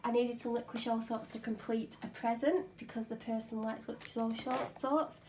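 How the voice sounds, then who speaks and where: Woman, ill and tired, rambling casual home vlog, slightly high voice, faint background hiss. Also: steady tone, fairly quick. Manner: chatty, rambling, self-mocking. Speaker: vlogger. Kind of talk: casual chat. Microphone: clip-on microphone.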